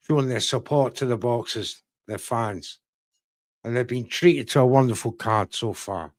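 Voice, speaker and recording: A man speaking in a mid-range voice, with no room sound, covers a boxing match live for watchalong viewers from a UK streaming setup. Keeping it casual, he replies to chat messages and speaks to people by their chat names.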